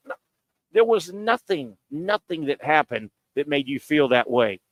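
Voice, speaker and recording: A man's voice: fairly high pitch, a little slow, no room sound. A man hosting a sports talk show, ranting combatively with pointed rhetorical questions, broadcasting from a bar and grill. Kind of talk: sports talk radio rant.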